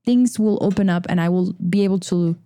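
A woman co-hosting a casual faith discussion, reading passages slowly and explaining them with frequent laughter. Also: on the low side, warm tone, no room sound, clean studio sound. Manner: reads quotes slowly, laughs often. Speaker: podcast co-host reading scripture.

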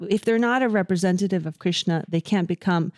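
A woman in casual discussion of scripture, speaking in a reflective, drawn-out way. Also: on the low side, a little mellow, no echo, studio quality.

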